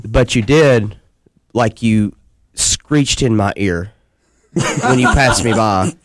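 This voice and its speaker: A man hosting a podcast, jokey and quick to correct others in casual chat. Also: lowish voice, noisy background. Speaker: podcast host.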